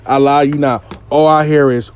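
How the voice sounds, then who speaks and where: Animated, swearing male storyteller. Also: on the high side, a little fast, noisy background. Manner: animated, profane, repeats "I lie to you not". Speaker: host and storyteller. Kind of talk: casual storytime monologue.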